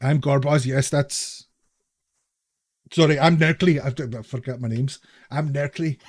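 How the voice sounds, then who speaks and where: A man's voice: mid-range voice, fairly even intonation, measured pace, natural voice. A man voicing a nervous male gnome who is stuck to a chair and pleading for help. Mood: flustered pleading. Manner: pleading, flustered.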